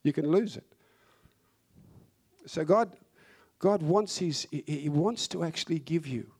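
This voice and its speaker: A man's voice: fairly high pitch, a little slow, a little mellow, husky. A man preaching a sermon, fervent and emphatic, repeating phrases to drive points home.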